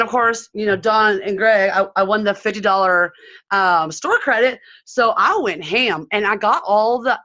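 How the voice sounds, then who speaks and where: A woman's voice: medium pitch, a bit bright, dry recording. A woman from San Diego sharing a bubbly, rambling recap of a convention on a video call. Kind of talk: excited casual chat on a video call. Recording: dull, dry video call audio.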